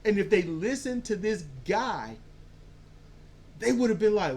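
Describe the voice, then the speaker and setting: A podcast co-host in a casual movie-review chat, telling stories in an animated way and acting out quotes. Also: mid-range voice, measured pace. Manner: animated storyteller, acts out quotes; casual, swears freely.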